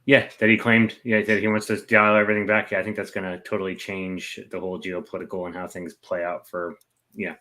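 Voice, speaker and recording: A man's voice: low voice, flat delivery, a little fast, sharp tone. A man co-hosting a casual chat show, talking in a loose, rambling way. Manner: rambling, full of "like" fillers. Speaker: co-host.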